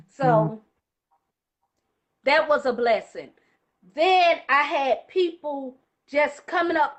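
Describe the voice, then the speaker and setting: A woman telling a lively personal story in casual conversation, getting emotional as she goes. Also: high voice, a little slow. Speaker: guest.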